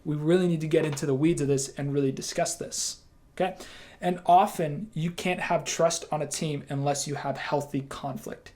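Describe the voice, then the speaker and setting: A young man gives a training talk to his team in a casual, emphatic way, breaking now and then into quick quoted lines. His voice sits a little higher than most men's. The delivery is loose and conversational rather than scripted. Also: steady tone, darkish tone.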